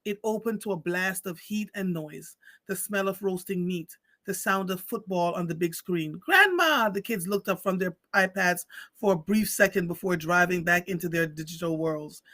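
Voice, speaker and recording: Guy hosting a live stream, reading a story out slow and heartfelt, high bright voice, dry close sound. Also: steady tone, dry recording. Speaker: livestream host. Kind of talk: reading a story aloud, then chatting with viewers.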